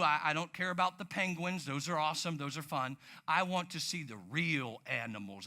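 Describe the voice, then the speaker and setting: Bright, animated male preacher. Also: fairly high pitch. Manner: animated, storytelling with sudden outbursts. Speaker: pastor. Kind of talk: sermon.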